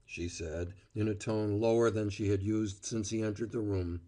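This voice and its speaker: A man narrating an audiobook in a measured, expressive reading. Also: fairly low pitch. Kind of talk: scripted narration.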